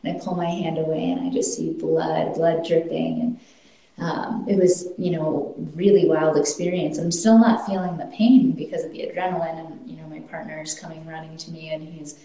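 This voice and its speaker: A woman's voice: low-pitched, fairly even intonation, moderate pace, mellow. A woman telling a personal story in an earnest, reflective way, often restarting her sentences. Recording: very echoey room.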